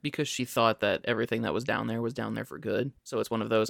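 A man co-hosting a podcast, talking casually and animatedly about a movie, with quick asides and rhetorical questions. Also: on the low side, expressive, creaky, fairly bright tone, dry recording, clean studio sound.

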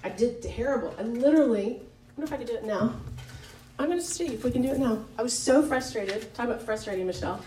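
A woman's voice: on the high side, lively intonation, quick pace, a little mellow, a little hiss or hum. A woman leading a Bible study in a church meeting room, talking in a candid, conversational way with many fillers and self-corrections. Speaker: women's Bible study leader. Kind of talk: informal devotional teaching talk. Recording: echoey room, picked up from a distance.

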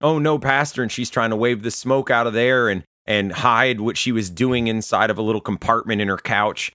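A man's voice: lowish voice, fairly even intonation, moderate pace, sharp tone, no echo, clean studio sound. A man, a pastor, preaching a sermon in a conversational, storytelling way. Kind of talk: sermon to listeners.

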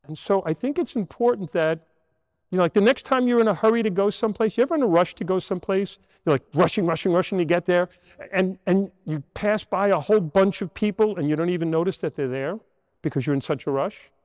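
A man's voice: sits high, quick pace, darkish tone, no echo, big-room sound. A man in his sixties, a priest, telling a story in a homily to children and asking them rhetorical questions. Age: 60s. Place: church.

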